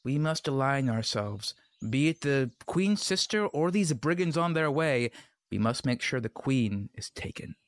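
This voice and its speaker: A man's voice: mid-range voice, animated, measured pace, no room sound. A man playing a horse who serves as the queen's advisor. He rambles and stammers in an improvised comedy play. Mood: scheming.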